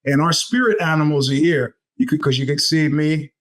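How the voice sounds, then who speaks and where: A man's voice: fairly high pitch, fairly even intonation, a little fast. A middle-aged man, hosting a podcast and telling stories in a rambling, casual way, full of restarts. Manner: rambling storyteller with many restarts and fillers. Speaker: podcast host. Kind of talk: casual monologue.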